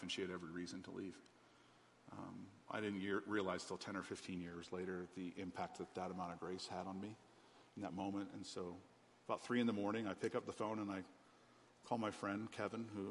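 In a church auditorium with hall reverb and faint ambience, a middle-aged pastor speaks in a low-pitched voice over slight background noise. He delivers a personal testimony in his sermon, candid and conversational with many ums.

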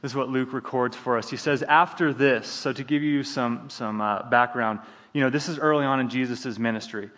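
A male pastor delivers a sermon in a conversational, easygoing manner, often restarting his sentences. His voice sits at an ordinary pitch. The sanctuary around him adds a long, echoing reverb. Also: steady tone, moderate pace, a bit bright. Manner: conversational preaching with frequent restarts.

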